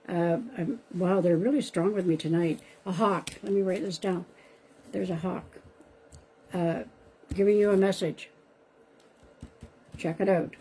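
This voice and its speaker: A chatty psychic medium from Canada, speaking in a mellow mid-range voice, does card readings for live-stream viewers and calls out their names. Her device mic gives a rough recording.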